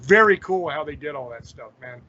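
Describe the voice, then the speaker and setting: Casting: high-pitched male host, blunt and profane, dull lo-fi sound. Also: lively intonation, fairly quick, bright, forceful tone. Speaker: podcast host. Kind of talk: casual chat. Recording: dull lo-fi audio.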